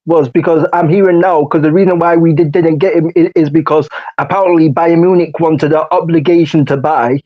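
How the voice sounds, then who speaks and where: A man's voice: fairly high pitch, fairly even intonation, brisk, few pauses, lo-fi sound. A man co-hosting a casual football podcast who rants in slangy, repetitive bursts. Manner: ranting, repeats phrases, slangy. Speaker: podcast co-host.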